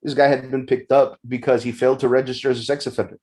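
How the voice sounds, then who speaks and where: A man's voice: medium pitch, little pitch movement, quick pace, a little mellow. A man co-hosting a podcast, telling a story casually and animatedly, with frequent restarts. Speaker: podcast co-host. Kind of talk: casual discussion.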